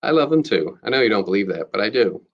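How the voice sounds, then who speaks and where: A man reading as a calm, soft-spoken woman. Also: lowish voice, fast, muffled recording.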